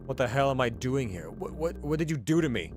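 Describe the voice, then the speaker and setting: A man's voice: medium pitch, big pitch swings, brisk. Man as a violent male convict, foul-mouthed, aggressive threats. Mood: hostile, threatening. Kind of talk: voiced game reading.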